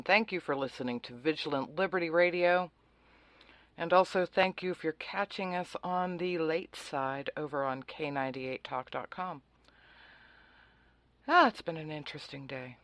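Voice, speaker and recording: A woman's voice: low voice, a bit bright, dry recording. A woman hosting a talk radio show, speaking in a sarcastic, facetious and opinionated way in a conversational monologue.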